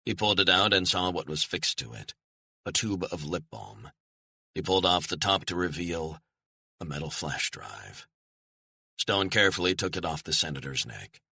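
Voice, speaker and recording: A man reading a thriller audiobook in measured, storytelling narration. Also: low-pitched, sing-song, gravelly, bright, forceful tone, breathy edge, dry recording.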